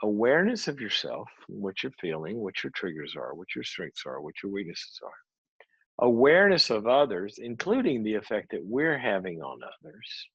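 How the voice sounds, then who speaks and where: A man giving a conversational teaching talk, an animated storyteller who acts out the people he quotes. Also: fairly low pitch, moderate pace, slightly rough, no echo, dull audio. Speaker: psychologist and speaker.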